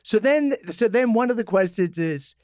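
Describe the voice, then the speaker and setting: High-voiced man telling stories with many restarts. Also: animated, moderate pace, no room sound, studio quality. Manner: storytelling with many restarts, acting out quoted people. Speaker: podcast co-host. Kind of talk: casual political chat.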